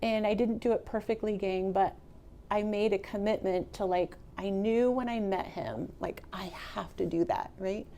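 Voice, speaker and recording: A middle-aged woman gives a motivational talk to a roomful of listeners, chatty and lively as she speaks to them directly. Her voice sits at an ordinary mid pitch. A faint room hum runs under the recording. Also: moderate pace. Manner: conversational, animated, addresses the audience directly. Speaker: real estate speaker. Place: meeting room with a live audience.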